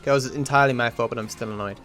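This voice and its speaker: A man livestreaming a speedrun while reading and answering his chat, with plenty of swearing. He grumbles at bad luck and pokes fun at himself. His voice sits in an ordinary middle pitch, with faint music underneath. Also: racing, a bit bright. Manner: swears often, talks to chat between attempts; easily frustrated, self-mocking. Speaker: speedrunning streamer. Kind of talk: live gameplay commentary.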